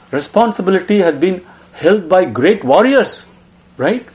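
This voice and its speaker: A man telling a sacred story in a devotional discourse, emotive, dropping hushed then rising. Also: sits high, lively intonation, measured pace. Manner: emotive, swinging between hushed and raised. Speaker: spiritual discourse speaker.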